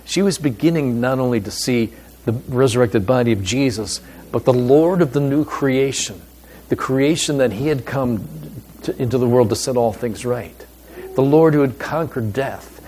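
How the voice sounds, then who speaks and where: A man's voice: medium pitch, darkish tone, a little hiss or hum. Emphatic male pastor preaching. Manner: deliberate, emphatic delivery with pauses. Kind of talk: sermon.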